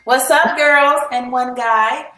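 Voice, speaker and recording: Friendly woman coach on a video call, bright voice, mic at a distance in a roomy space. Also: sits high, takes it slowly. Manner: upbeat and friendly. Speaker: business coach. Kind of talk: casual livestream chat.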